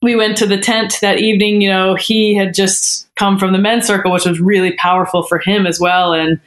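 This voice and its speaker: A woman guest on a podcast, telling a personal story in a candid, heartfelt way with frequent pauses and restarts. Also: medium pitch, little pitch movement.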